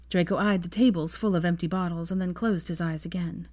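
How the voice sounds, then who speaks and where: A woman reading a fan fiction story aloud in a calm, even storytelling manner. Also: lowish voice, brisk, few pauses. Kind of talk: storybook narration.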